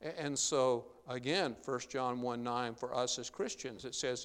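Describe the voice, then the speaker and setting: A man's voice: medium pitch, unhurried, a bit bright, clear, resonant tone. A man preaching a sermon in an earnest, emphatic way, his voice rising when he quotes Scripture. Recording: long reverb of a large hall.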